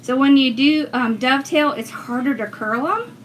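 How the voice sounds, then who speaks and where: A woman's voice: high-pitched, normal speed, a little hiss or hum. A woman, chatting casually as she teaches wreath making on a livestream, working and reading viewers' comments aloud as she goes. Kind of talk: casual livestream craft tutorial.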